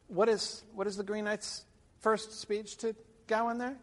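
A man's voice: high-pitched, little pitch movement, measured pace. A man lecturing a class, rambling with many fillers and wry asides. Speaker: literature lecturer. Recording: long reverb of a lecture hall.

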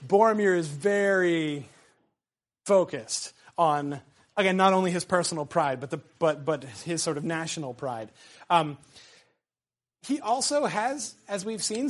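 A man lecturing on a novel in a loose, conversational way, his voice sitting a little high for a man. He stumbles through restarts and fillers as he works through his points. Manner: conversational, frequent fillers and restarts, reads quotes aloud. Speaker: literature lecturer. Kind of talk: casual lecture.

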